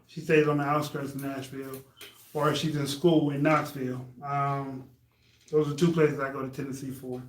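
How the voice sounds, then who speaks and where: A man's voice: medium pitch, little pitch movement, normal speed. A middle-aged man hosting a podcast in casual, playful chat, often laughing. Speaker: podcast host. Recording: echoey room, faint noise.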